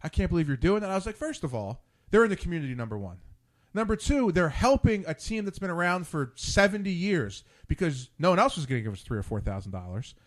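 A man hosting a relaxed talk show, his voice sitting slightly higher than most men's. He tells long, crude anecdotes and acts out every line of dialogue along the way. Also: fast talker. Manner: storytelling, animated and crude, quotes friends in dialogue. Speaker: podcast host. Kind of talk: casual chat.

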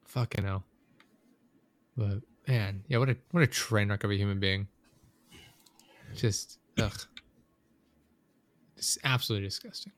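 A man's voice: on the low side, unhurried, long pauses, no room sound. A man in casual chat, rambling and swearing as he vents about a coworker. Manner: profane, venting, rambling storyteller.

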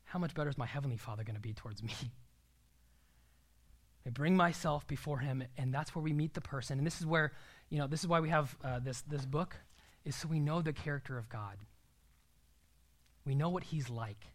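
A man's voice: fairly high pitch, moderate pace, long pauses. Earnest young man preaching. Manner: earnest, emphatic, drops to a near-whisper at times. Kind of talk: sermon.

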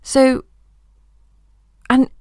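A woman coach hosting her own podcast, talking through ideas in a gentle, reassuring way, as if thinking aloud. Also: drawn-out words, no echo, clean studio sound. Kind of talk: reflective solo podcast talk.

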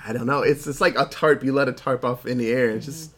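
A man's voice: mid-range voice, fairly bright tone, slight background noise. Guy recapping a movie plot on a podcast, chatty, does little voices for the characters. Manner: retells the plot, acting out characters in quick funny voices. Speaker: podcast co-host.

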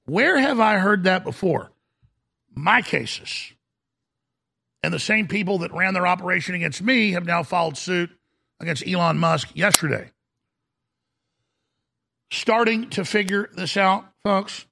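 A man's voice: sits high, lively intonation, unhurried, creaky, long pauses, sharp tone. A man hosting a talk radio show, delivering an indignant, mocking rant. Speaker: radio host.

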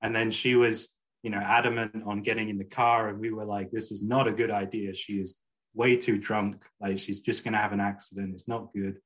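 A man's voice: fairly low pitch, level tone, a little fast, a bit bright. A man guesting on a podcast, telling a story in a casual, rambling way with lots of "like" and "you know".

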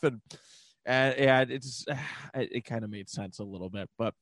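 A man's voice: mid-range voice, moderate pace, fairly bright tone, no room sound. A man co-hosting a podcast, rambling loosely through casual sports chat, laughing often and swearing now and then. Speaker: podcast co-host.

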